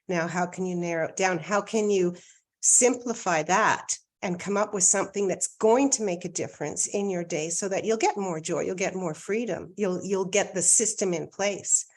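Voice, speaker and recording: Emphatic, energetic woman coach from Canada. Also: on the low side, moderate pace. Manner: energetic and emphatic, repeats key phrases for effect. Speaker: life coach. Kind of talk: casual conversation.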